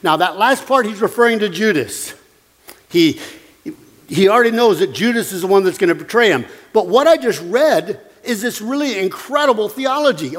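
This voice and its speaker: A man's voice: high-pitched, in a large hall. A man preaching a sermon as pastor, earnest and conversational, with emphatic repetition.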